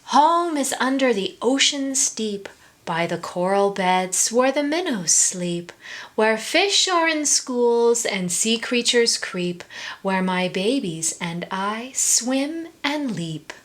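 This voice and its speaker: A woman voicing a huge, gentle mother blue whale who speaks softly and soothingly in a storybook reading. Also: on the high side, lively intonation, slow pace.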